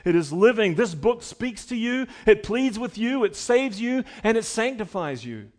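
A man's voice: high voice, sing-song, moderate pace, a little mellow. A middle-aged man preaching a sermon as pastor, emphatic and building with repeated phrases.

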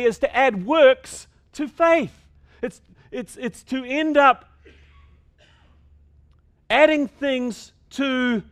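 A middle-aged man preaching a sermon, emphatic, with stammered restarts and quick asides. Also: high voice.

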